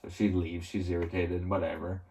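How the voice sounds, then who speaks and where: A man's voice: low-pitched, little pitch movement, normal speed, dark tone. A man reviewing a TV episode in a casual, rambling recap, full of filler words and chuckles. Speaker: TV show reviewer.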